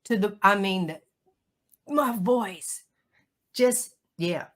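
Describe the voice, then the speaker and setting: A middle-aged woman, a guest on a livestream call, telling a personal story in an emotional, animated way. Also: mid-range voice, slow pace. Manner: emotional, animated storytelling with Southern turns of phrase.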